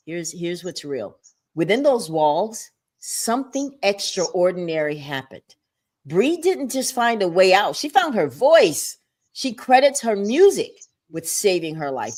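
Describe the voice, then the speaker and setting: A woman hosting a livestreamed talk show from a home setup, animated and chatty with playful asides. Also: lowish voice.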